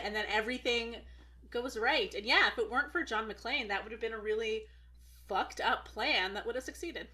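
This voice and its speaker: A woman's voice: fairly high pitch, normal speed, sharp tone. A woman co-hosting a film podcast in casual chat, enthusiastic and storytelling. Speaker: podcast co-host.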